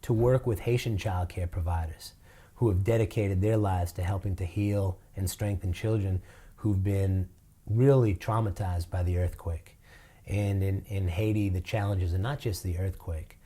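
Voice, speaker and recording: A man talks earnestly about his work and his town, his voice low and warm. He speaks from the heart and fills his thoughts with easygoing "you know"s. The tone is sincere and personal, like a nonprofit leader being interviewed. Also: fairly even intonation, normal speed, slightly rough. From Boston, USA. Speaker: nonprofit director. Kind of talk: interview answers.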